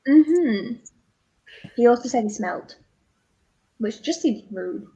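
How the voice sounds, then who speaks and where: A woman's voice: fairly high pitch, expressive, takes it slowly, dark tone, husky, muffled recording. A woman chatting casually on a group livestream about books. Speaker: co-host of a readathon livestream. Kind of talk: casual chat.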